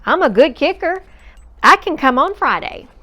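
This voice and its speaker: A woman's voice: high-pitched, big pitch swings, normal speed, pushed and bright, voice pushed up, heavily acted. A woman voicing a friendly young schoolboy in a read-aloud storybook, speaking earnestly and matter-of-factly. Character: boy, young, friendly new classmate.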